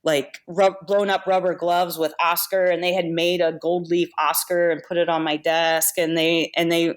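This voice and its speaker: A woman being interviewed on a podcast about her makeup effects career, telling animated anecdotes with laughs and restarts. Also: on the low side, moderate pace. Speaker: guest makeup effects artist. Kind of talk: casual storytelling interview.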